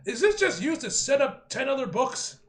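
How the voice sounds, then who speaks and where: Casual young male reactor, high and animated, tosses off irritated cursing asides. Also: normal speed, crowd noise. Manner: reads panels aloud, cursing, sarcastic asides. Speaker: comic reaction host. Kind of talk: casual comic book reading.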